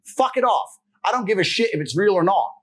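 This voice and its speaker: Blunt, husky-voiced man lecturing. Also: high voice, very animated, brisk, fairly bright tone. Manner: confrontational, addresses listener directly. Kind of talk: motivational monologue.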